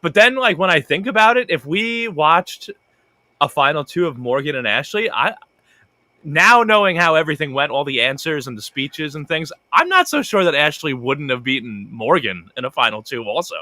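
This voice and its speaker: A man's voice: on the high side, expressive, normal speed, sharp tone, no echo. A man co-hosting a casual podcast chat, thinking aloud with many restarts. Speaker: podcast co-host.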